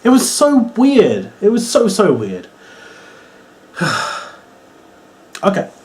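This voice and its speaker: Young English guy, Norwich accent, rambling wrestling reviewer; lively, swinging pitch, a touch higher than most men. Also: drawn-out words. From England. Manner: rambling, excitable, swears, mocks wrestlers in silly voices. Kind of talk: casual video review.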